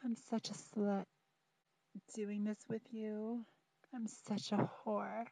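Slow, teasing woman in intimate audio role-play. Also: mid-range voice, little pitch movement, vocal fry, dry recording. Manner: slow, soft, pleading and teasing, talking straight to the listener. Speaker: audio performer. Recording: dull, dry close recording.

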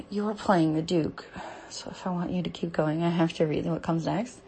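Woman, young adult, low voice, vocal fry, breathy and halting, slips into whispers, intimate role-play reading. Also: steady tone, mellow, slight background noise. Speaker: audio role-play performer.

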